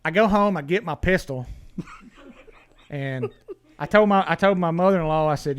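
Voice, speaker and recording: A man, a podcast guest, recounting his past in a raised, fairly high voice. His talk is blunt and full of swearing, and he often stumbles and restarts his words. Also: unhurried, pauses often, clear, resonant tone. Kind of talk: casual storytelling.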